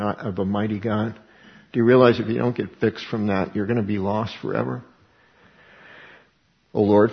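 A man's voice: fairly low pitch, vocal fry, highs cut off. A man preaching a sermon as pastor, reading scripture and asking rhetorical questions.

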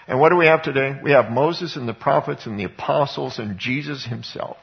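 A man's voice: medium pitch, fairly quick, gravelly, hardly any pauses. A man preaching a sermon in an earnest, emphatic way, reading scripture and asking rhetorical questions. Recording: dull lo-fi recording.

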